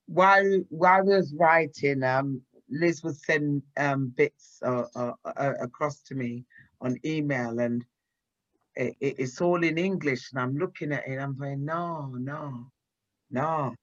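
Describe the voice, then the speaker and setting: A woman with an Antiguan accent, interviewed about her work, telling lively stories and quoting others. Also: rumbling low, unhurried. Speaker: probation worker, interviewee. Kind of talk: casual conversation. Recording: dull lo-fi remote audio.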